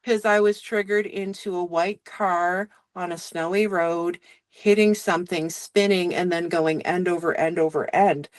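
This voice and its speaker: A woman's voice: on the low side, steady tone, measured pace, no echo. Woman guest telling stories, dry sound. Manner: chatty, rambling, many fillers. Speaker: guest, medium and Reiki practitioner. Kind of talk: casual storytelling in conversation.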